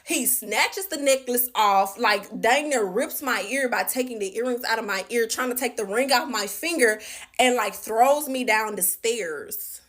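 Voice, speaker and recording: A woman telling a personal story to her viewers in an animated, chatty way. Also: fairly high pitch, measured pace. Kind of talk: casual storytime vlog.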